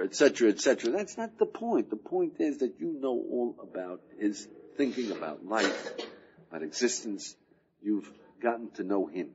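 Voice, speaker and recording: A man's voice: mid-range voice, darkish tone, husky, highs cut off. An older man giving a recorded lecture as a rabbi, full of rhetorical questions and chuckles. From United States. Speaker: rabbi teaching a class.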